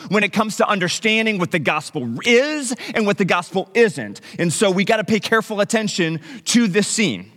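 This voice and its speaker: A middle-aged man preaching a sermon as pastor, conversational and animated, with humorous asides to the congregation. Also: high-pitched, in a large hall.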